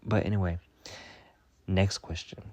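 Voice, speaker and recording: A man's voice: deep voice, fairly even intonation, unhurried, a little mellow. A young man hosting a comedic storytime monologue, sassy and profane, rambling with lots of "like" while answering viewer questions.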